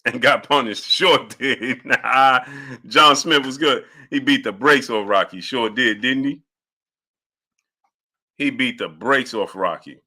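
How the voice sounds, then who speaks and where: A man's voice: medium pitch, slow pace, bright, forceful tone. A man hosting a casual boxing livestream who talks animatedly, repeats his phrases and greets chat viewers by name. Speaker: boxing commentary livestream host.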